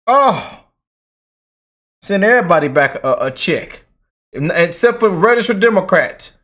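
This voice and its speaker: A high-pitched man gives heated, emphatic commentary straight to his audience. He is slangy and worked up, and he keeps calling the viewers family. It sounds like a casual channel vlog. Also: lively intonation, measured pace, long pauses, fairly bright tone. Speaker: political commentary YouTuber.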